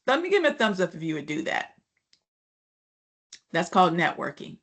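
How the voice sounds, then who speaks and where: A woman's voice: on the low side, very animated, normal speed, pauses often, fairly bright tone. A woman instructor giving a casual online class lecture, chatty and often asking the class "right?" and "you know".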